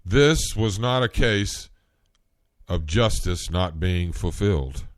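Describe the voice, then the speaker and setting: Male podcast host, deep voice, dry close mic, slow earnest monologue. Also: expressive, dry recording. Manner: slow, rambling, earnest, rising in pitch when worked up. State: coughing, clearing throat. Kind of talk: solo commentary podcast.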